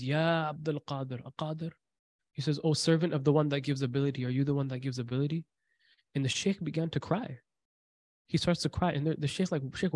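A man preaching in a loose, conversational way. He talks fast with a slightly raised voice, often restarting his sentences. The sound is close and dry, with no room echo. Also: fairly high pitch. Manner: conversational, storytelling, frequent fillers and restarts; recites scripture in quick chanting bursts. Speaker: speaker giving a religious talk. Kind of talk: informal sermon.

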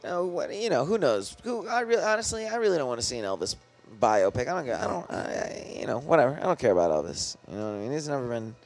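A man's voice: medium pitch, very animated, fast, soft background music. A young man co-hosting a podcast in loose, rambling casual chat, full of slang and swearing. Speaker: podcast co-host.

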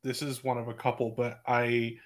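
A man's voice: mid-range voice, monotone. A man co-hosting a casual movie-review podcast, talking through a scene with enthusiasm and laughing often. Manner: enthusiastic, quick to laugh, thinks aloud. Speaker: podcast co-host.

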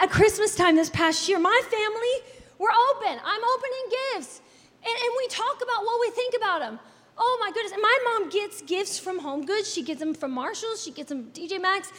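High-voiced woman preaching in a reverberant church. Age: 30s. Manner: animated, conversational preaching with playful asides to the congregation. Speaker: pastor. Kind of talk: sermon. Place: church sanctuary. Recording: long hall reverb in a church.

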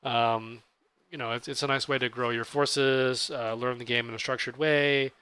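A man co-hosting a podcast, chatting casually about tabletop gaming in a relaxed, explanatory way. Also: medium pitch, moderate pace, smooth. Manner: relaxed, explanatory, self-correcting. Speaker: podcast co-host.

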